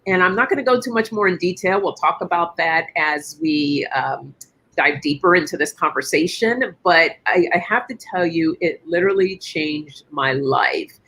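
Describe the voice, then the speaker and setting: A woman hosting a casual live-stream chat, telling stories with animated, acted-out quotes. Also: fairly low pitch, moderate pace, low-quality recording. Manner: animated storytelling, acting out quoted voices. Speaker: host.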